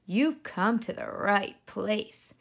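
A woman voicing a hungry, sly male fox in a children's storybook, with a gloating, drawn-out delivery. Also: mid-range voice, lively intonation, creaky, full character voice.

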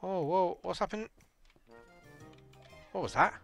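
A man, casually and excitably commentating a game, joking and laughing at his own jokes. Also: high-pitched, slow, vocal fry, soft background music. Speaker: gaming channel host.

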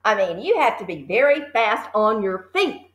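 A woman voicing a clever young schoolgirl, speaking calmly and plainly. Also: medium pitch, moderate pace, echoey room. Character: clever, calm little schoolgirl.

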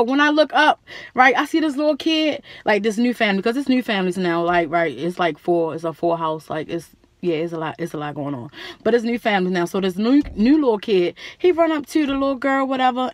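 A young woman vlogger telling a story in a chatty, slangy, animated way. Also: fairly high pitch, no echo. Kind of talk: casual storytelling to camera.

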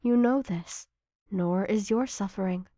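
A woman voicing a tender, grieving holy mother who comforts a weeping child, speaking softly and slowly. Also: medium pitch, no room sound, studio quality, close to an everyday voice. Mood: comforting.

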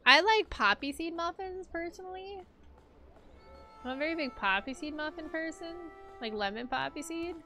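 A young woman with a bright, fairly high voice chats playfully on a game stream, thinking out loud and answering her viewers. Soft music plays faintly behind her on a desk mic. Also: animated, moderate pace. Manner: chatty, playful, talks to herself and chat while playing. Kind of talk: casual game-stream chat.

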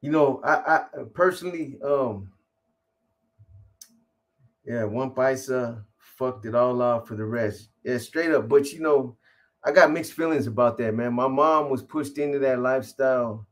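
A man's voice: medium pitch, unhurried. A man in a casual interview, telling a long story in rambling, profane street talk with many restarts. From California.

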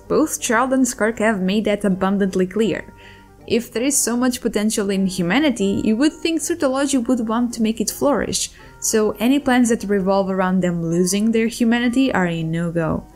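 A woman with a hoarse voice, reading a scripted theory narration about game lore, with playful, wry asides. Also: mid-range voice, darkish tone. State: hoarse, losing her voice. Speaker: video essayist on game lore.

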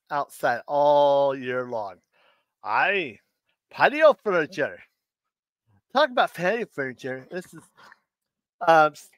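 Slow, lively-pitched man telling dad jokes. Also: dry recording. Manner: slow, halting, with frequent restarts and chuckles at his own jokes. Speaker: live-stream host telling dad jokes. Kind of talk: casual live-stream chat.

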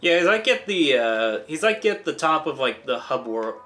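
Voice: medium pitch, big pitch swings, normal speed. A person co-commentating a video game, teasing the player and swearing casually. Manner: teasing, profane. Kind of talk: casual gaming chat. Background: game music.

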